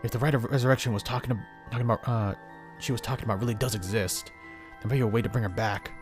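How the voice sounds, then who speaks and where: A man's voice: medium pitch, steady tone, fast, faint music behind, close to an everyday voice. A man reading as a panicky young man. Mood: shaken, somber. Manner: stammering, panicky self-talk. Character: frightened young male protagonist, frantic and shaken. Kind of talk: reading game dialogue aloud.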